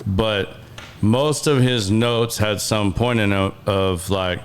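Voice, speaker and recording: Male podcast host, low and smooth, relaxed casual chat. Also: takes it slowly. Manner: relaxed, chimes in with short reactions.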